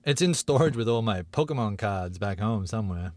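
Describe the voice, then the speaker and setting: A man's voice: on the low side, lively intonation, brisk, noisy background. A man in his thirties, a podcast co-host, rambling through stories in casual chat. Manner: rambling storyteller.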